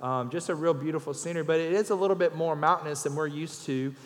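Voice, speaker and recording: Fast-talking and on the high side, this Louisiana man is a guest speaker telling jokes in a folksy sermon, getting louder whenever he reaches a punchline. He speaks in a church sanctuary, and the recording carries the long reverb of the hall.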